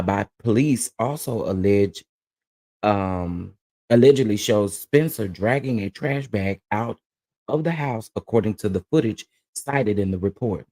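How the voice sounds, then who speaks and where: A man's voice: lowish voice, darkish tone. A man hosting a live-stream commentary, reading news reports with fillers and then ranting in casual slang. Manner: reads reports with fillers, then rants with rising heat; uses southern Black American slang like y'all, honey, child. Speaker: commentary host.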